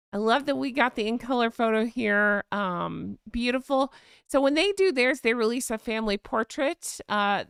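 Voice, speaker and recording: A woman's voice: fairly high pitch, creaky, smooth, no echo, studio quality. A woman hosting a casual live chat, gushing and effusive as she thanks viewers by name. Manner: thanks donors warmly by name. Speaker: live-stream host.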